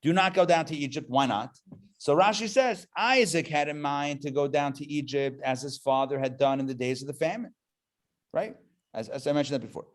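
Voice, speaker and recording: A man, a rabbi, teaching a live adult class in a playful, animated way, full of jokes and rhetorical questions. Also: on the high side, fairly quick. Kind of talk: live adult education lecture.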